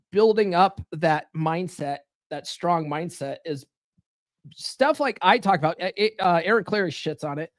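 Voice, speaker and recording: A man hosting a live stream, talking in a loose, profane monologue. He keeps tossing in "right?" to check in with his listeners. His voice sits a little high for a man, and the recording is dry and close with no room sound. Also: dry recording. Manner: casual and profane, peppered with "right?" tag questions.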